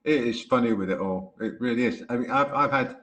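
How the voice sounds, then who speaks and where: A man's voice: medium pitch, fairly quick, fairly bright tone. A man hosting a podcast, telling stories in a chatty way and laughing often. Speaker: podcast host. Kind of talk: casual podcast conversation. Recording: roomy echo.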